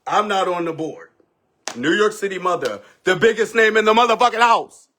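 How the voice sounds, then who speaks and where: A man on a livestream, telling a dramatic story in a casual, profane way, swinging between loud outbursts and hushed asides. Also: sits high, lively intonation, moderate pace.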